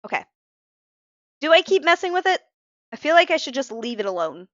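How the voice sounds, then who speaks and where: Tired, rambling woman streamer, higher voice. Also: very animated, fairly quick, no echo, lo-fi sound. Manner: rambling, self-interrupting, frank about being emotional. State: tired from little sleep. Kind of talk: casual live-stream chat while drawing.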